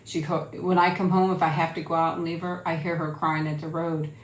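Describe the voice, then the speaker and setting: Woman, home livestream host, lowish voice, rambly casual chat, echoey room. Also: level tone, brisk. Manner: chatty, rambling, coaxing her dog in a sing-song voice. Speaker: YouTube channel host.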